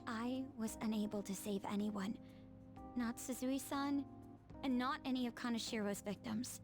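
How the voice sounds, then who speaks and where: An actress playing a formal, serious young female student council president in a game, apologizing in a measured way. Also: a little high, fairly even intonation, natural voice. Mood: remorseful. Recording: game audio with background music.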